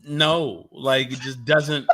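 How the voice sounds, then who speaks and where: A man co-hosting a casual movie review, talking in a lively way and often acting out lines in quotes. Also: medium pitch, takes it slowly. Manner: animated, mimics characters in quotes. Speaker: podcast co-host.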